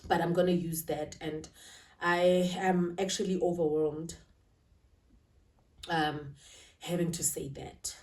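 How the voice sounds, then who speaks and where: Woman vlogger, confiding and emotional, mid pitch, mic set back in an echoey room. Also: fairly even intonation, takes it slowly, long pauses, a little mellow. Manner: emotional, confiding, checks in with "right?". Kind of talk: casual talk to camera. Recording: roomy, slightly distant.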